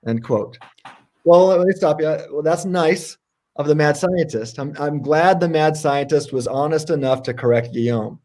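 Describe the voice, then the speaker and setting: A man co-hosting a casual livestream debate, talking in an animated, sarcastic way. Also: a little slow. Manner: animated and sarcastic, jumps in pitch for emphasis. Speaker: co-host.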